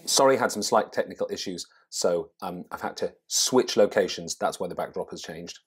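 A man's voice: deep voice, moderate pace, slightly rough. A man talking to camera as a presenting coach, conversational and thinking aloud as he explains. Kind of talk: teaching to camera.

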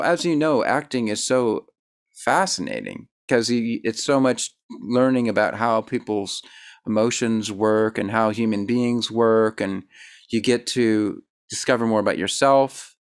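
A man hosting a casual interview, rambling and self-deprecating, full of fillers and restarts. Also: lowish voice. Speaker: host.

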